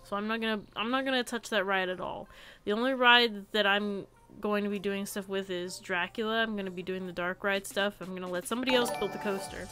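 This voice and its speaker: A woman's voice: mid-range voice, fairly even intonation, brisk, bright, forceful tone, faint music behind. A young woman live-streaming a building game, chatting casually and giggling often.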